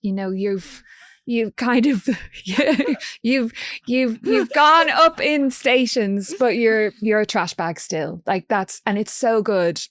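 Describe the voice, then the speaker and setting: A woman's voice: a little high, animated, slow pace, a bit bright, no room sound, clean studio sound. An Irish woman guest on a podcast, telling stories in a chatty way and laughing often. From Ireland. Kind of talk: casual chat.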